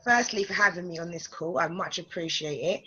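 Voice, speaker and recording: A London woman in her thirties, a life coach speaking softly and a little hesitantly as an interview guest. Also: fairly low pitch, normal speed, highs cut off. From England. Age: 30s. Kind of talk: casual interview.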